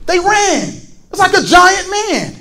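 Very high-voiced fiery male preacher. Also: sing-song, slow, creaky, rough recording. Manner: fervent, shouting, repeats words when worked up. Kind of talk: fiery sermon.

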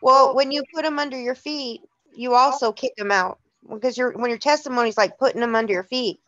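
A woman with a high voice leads a church Bible study, talking casually and laughing as she tells stories. She restarts her sentences often. The sound is dry and lo-fi, like a call. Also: fairly quick, a bit bright, no echo.

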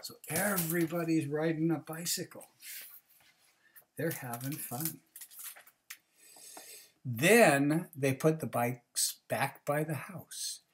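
A woman reads a children's picture book aloud, stopping often to chat with her young listeners. Her voice is low but swings widely in pitch, and she takes her time. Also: a little mellow. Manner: chatty asides to young listeners. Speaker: reader.

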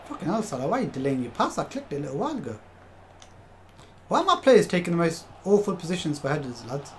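A man's voice: fairly high pitch, wildly swooping pitch, fast talker, slight background noise. A young man commentating his own football video game match live, swearing often and talking to his chat as "lads". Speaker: game streamer.

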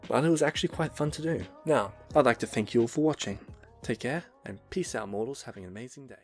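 Relaxed male guest signing off. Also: mid-range voice, fast, vocal fry, faint music behind. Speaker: guest narrator. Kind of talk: casual sign-off.

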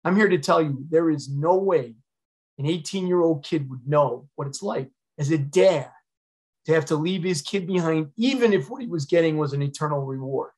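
A man's voice: fairly high pitch, normal speed, darkish tone, breathy edge, low-quality recording. A middle-aged man, a retired fire chief, telling a candid and emotional personal story to an audience.

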